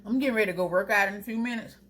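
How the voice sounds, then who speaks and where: A young woman in braces chatting casually to her viewers while she cooks at home, talking straight to them with drawn-out asides. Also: mid-range voice, a bit bright. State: wearing new braces, teeth clanging. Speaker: vlogger. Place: home kitchen. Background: food sizzling in a pan.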